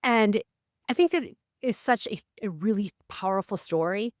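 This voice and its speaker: Animated woman podcast host. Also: moderate pace, no room sound, studio quality. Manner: animated storyteller, acts out quotes with big pitch swings. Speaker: podcast co-host and life coach. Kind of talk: casual podcast chat.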